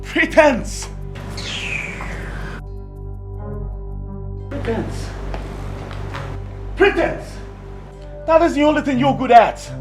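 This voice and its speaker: Hot-headed Nigerian prince, sneering and accusing, pitch swings widely, film music under. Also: male voice. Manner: accusing, sneering, shouts at times. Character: hot-headed young prince, resentful of his elder brother. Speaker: actor.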